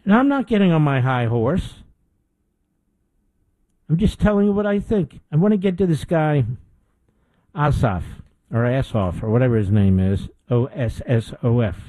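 A man's voice: medium pitch, dark tone, dry recording, poor audio. A middle-aged man hosting a political talk show, delivering an indignant opinion monologue with emphatic repetition.

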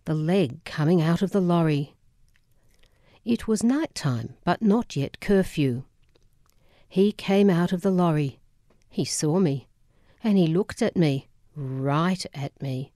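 A woman narrating a memoir audiobook in a measured, solemn way. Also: lowish voice, mellow, dry recording, clean studio sound.

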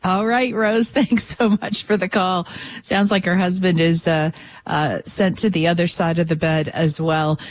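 A woman's voice: on the low side, fairly even intonation, unhurried. A woman hosting a call-in radio show, chatting about a topic and putting questions to her listeners and callers.

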